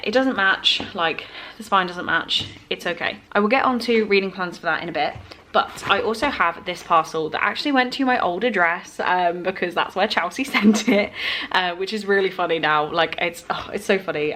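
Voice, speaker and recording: A woman's voice: on the low side, a bit bright, slight background noise. A woman chatting casually in a book vlog at home, rambling with fillers and self-corrections. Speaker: book vlogger. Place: home, indoors.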